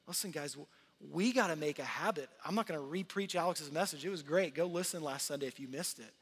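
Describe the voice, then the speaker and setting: A man in his thirties preaching a sermon to his church in a conversational, earnest way, swinging from loud to hushed. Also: fairly high pitch, moderate pace. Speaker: pastor. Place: large church hall. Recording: long hall reverb.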